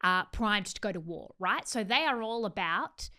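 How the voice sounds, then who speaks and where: A woman's voice: mid-range voice, animated, normal speed, sharp tone. A woman co-hosting a podcast in casual chat, talking in a chatty way and often laughing mid-sentence. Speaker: podcast co-host.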